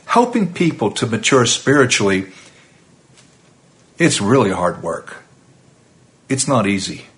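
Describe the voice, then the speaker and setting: A man's voice: mid-range voice, big pitch swings, measured pace, long pauses, fairly bright tone. A man teaches a recorded sermon in a mid-range voice. He is earnest and emphatic, leaning on repetition while staying conversational. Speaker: preacher.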